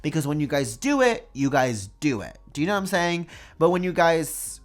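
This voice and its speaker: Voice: medium pitch, big pitch swings, normal speed, soft background music. Doll collector vlogger, opinion rant to camera, emphatic, dramatic repetition, lots of "like".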